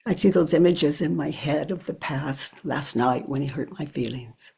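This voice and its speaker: An older woman leading a guided self-inquiry, talking slowly and reflectively with pauses and often sinking to a near whisper. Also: low voice, vocal fry, a little mellow, breathy edge. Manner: thinks aloud with pauses. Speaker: spiritual teacher.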